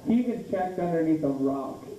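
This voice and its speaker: A man from Idaho doing a rambling, self-deprecating open mic stand-up set, sometimes slipping into a mock TV ad pitch. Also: expressive, brisk, dark tone, lo-fi sound, a little hiss or hum. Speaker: stand-up comedian. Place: small bar stage. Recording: echoey room from far off.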